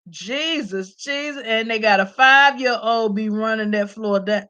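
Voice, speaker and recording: A woman telling a story in casual commentary, loud and animated, swearing and laughing. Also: a little high, a little slow. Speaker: vlogger reviewing a documentary. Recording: slightly dull lo-fi audio.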